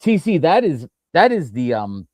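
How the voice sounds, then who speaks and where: A man's voice: fairly high pitch, very animated, normal speed, a little mellow, no room sound. A man hosting a casual sports talk show, rambling through his points with frequent restarts and fillers. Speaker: podcast host.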